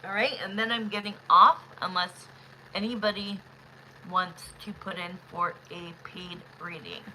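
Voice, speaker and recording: Woman host of a live tarot stream. Chatty and excitable, bright tone, unhurried delivery. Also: on the low side, a little hiss or hum, poor audio. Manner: chatty, excitable, talks to viewers directly. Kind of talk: casual live-stream chat.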